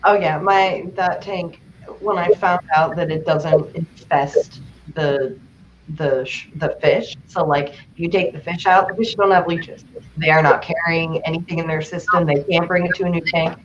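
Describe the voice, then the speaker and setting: Animated lo-fi woman storyteller. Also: moderate pace. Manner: animated storyteller with high-pitched exclamations. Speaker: host. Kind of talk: casual chat. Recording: dull lo-fi sound with noise.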